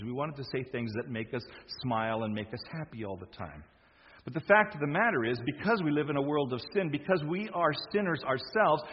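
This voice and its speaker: A man's voice: medium pitch, breathy edge. A man preaching a sermon, emphatic, acting out quoted lines with rising force. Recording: dull sound with long hall reverb.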